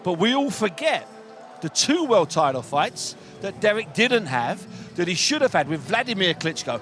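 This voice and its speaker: A man's voice: high-pitched, sing-song, moderate pace, fairly bright tone, soft background music. A man presenting casual boxing talk on radio, telling anecdotes and quoting people. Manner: anecdotal, quotes people in put-on voices.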